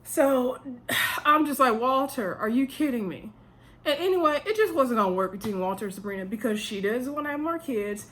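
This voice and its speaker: A woman's voice: on the high side, lively intonation, fairly quick, fairly bright tone. A woman in a casual vlog, chatting with emphasis and talking straight to her viewers as she recaps a reality show.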